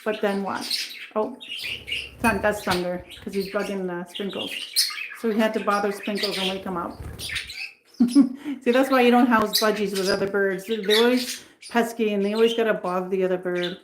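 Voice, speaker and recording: Woman host, casual rambling livestream chat, bird room with birds clearly audible. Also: medium pitch, steady tone, normal speed. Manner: chatty, rambling, coos at her birds. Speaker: pet channel host. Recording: clear bird noise in the background. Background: birds chirping and squawking.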